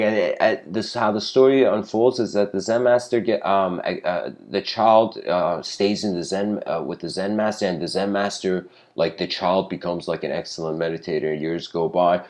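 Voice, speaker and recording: A man's voice: lowish voice, darkish tone. A man giving an informal spiritual lecture, telling a story in a loose, rambling way that stops to correct itself and is full of fillers.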